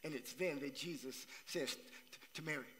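A man's voice: fairly high pitch, moderate pace, fairly bright tone. A man preaching a sermon as pastor, repeating phrases for emphasis and asking the congregation questions. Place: church sanctuary. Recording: long church hall reverb.

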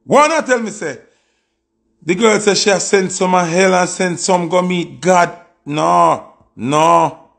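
In excitable, exclamatory music reaction commentary, a Jamaican man curses freely. His voice is high and gravelly, and he talks at an unhurried pace.

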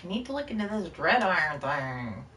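A woman's voice: lowish voice, sing-song, moderate pace, pushed and bright, roomy sound, distant mic, a little hiss or hum. A woman streaming a game live, chatting loosely with viewers in a scattered, rambling way, short on sleep. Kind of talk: casual live-stream chat while gaming.

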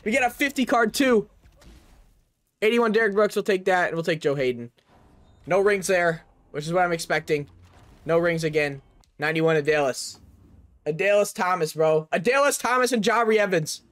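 A man's voice: high voice, lively intonation, moderate pace, dry recording. Hyped young man ripping game packs. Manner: hyped, shouts over big pulls, says "bro" a lot. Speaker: gaming YouTuber. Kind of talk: pack opening commentary.

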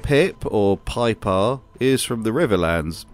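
A man's voice: lowish voice, lively intonation, slow, soft background music. A man narrating a scripted commentary video with a dry, sardonic manner.

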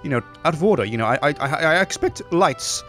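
A man's voice: on the high side, animated, quick pace, fairly bright tone, faint music behind. A man voicing a fussy, demanding male office worker who complains indignantly.

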